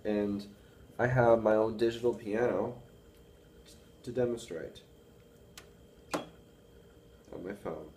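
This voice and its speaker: A young man talks slowly and haltingly to the camera, his baritone voice sitting a bit low. He rambles with lots of fillers. The room sounds echoey, with faint music in the background. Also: darkish tone, recorded from a distance, a little hiss or hum. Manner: rambling, hesitant, many fillers. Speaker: music student vlogger. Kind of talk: casual talk to camera.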